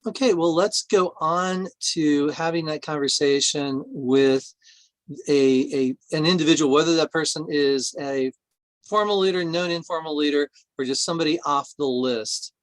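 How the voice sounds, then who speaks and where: A man's voice: a little high, moderate pace, no echo. A man running a training session in a friendly, loose way, running his thoughts together. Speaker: outreach director. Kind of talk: casual training talk.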